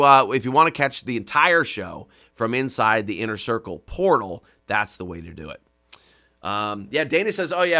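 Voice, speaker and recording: A man casually chatting with viewers on his live stream, rambling with many fillers and breaking into comic songs in a rough voice. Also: lowish voice, sharp tone. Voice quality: rough singing voice. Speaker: comedy musician hosting a live stream.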